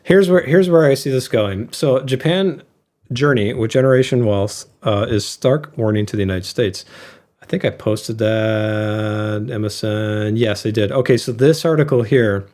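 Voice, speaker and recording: Mellow-voiced man chatting about investing. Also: lowish voice, a little slow. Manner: rambling explanations with fillers and laughs. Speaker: co-host of an investing show. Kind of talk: casual podcast chat.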